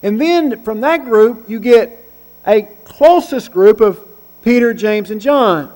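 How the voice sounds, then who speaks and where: A man's voice: high-pitched, lively intonation, takes it slowly, darkish tone. A man preaching a sermon in a conversational way, posing rhetorical questions to his listeners. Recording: long hall reverb.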